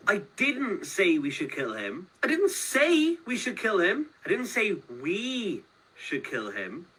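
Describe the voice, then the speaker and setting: A man's voice: high voice, pushed and bright, slightly rough, rough recording. A man playfully explaining something with lots of emphasis. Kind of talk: lively explainer monologue.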